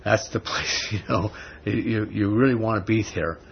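A man with a lowish voice delivers a sermon in an easy, conversational way, pressing his points with emphatic rhetorical questions. The recording is dull and lo-fi, with a faint hiss of background noise underneath. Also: moderate pace, vocal fry. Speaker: preacher.

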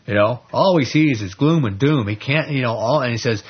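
A man's voice: mid-range voice, fast, few pauses, husky, lo-fi sound. A man teaching a Bible study, reading scripture aloud and explaining it in a conversational way, often asking the class questions. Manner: conversational, asks the class questions, many fillers.

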